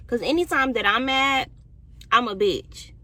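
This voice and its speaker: Young woman talking aave, bright sharp voice, cussing a lot, quiet then heated. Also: on the high side, lively intonation, unhurried, dry recording. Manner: candid, heavy cursing, swings between quiet and heated. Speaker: podcast host. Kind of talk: casual monologue.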